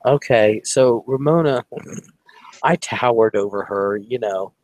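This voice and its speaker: A man from Ohio with a mid-range voice tells a rambling personal story in casual chat at a measured pace. He's animated, swears freely, and acts out the voices of the people involved. A little hiss or hum is audible in the recording.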